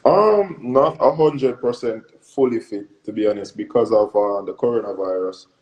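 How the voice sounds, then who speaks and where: Young Jamaican male athlete guest, slightly low voice, earnest and reflective. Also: normal speed, a little mellow, low-quality recording. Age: young adult. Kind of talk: casual interview answers.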